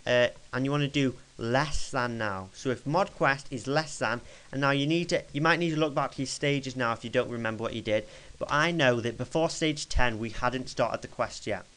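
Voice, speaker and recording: A young man talking through a casual screen-recorded software tutorial at his computer desk, chatty and rambling, correcting himself as he clicks along. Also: medium pitch, moderate pace, few pauses, low-quality recording. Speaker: tutorial maker.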